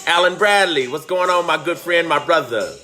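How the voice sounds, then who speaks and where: A man's voice: a little high, normal speed, bright, forceful tone, faint music behind. A man teaching on a live stream, greeting viewers by name and calling out with fervent emotion. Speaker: teacher hosting a live online talk. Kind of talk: impassioned livestream teaching.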